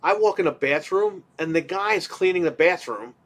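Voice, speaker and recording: Animated, swearing male podcast host. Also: fairly high pitch, normal speed. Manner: animated, swears casually, acts out quotes. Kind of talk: casual storytelling chat.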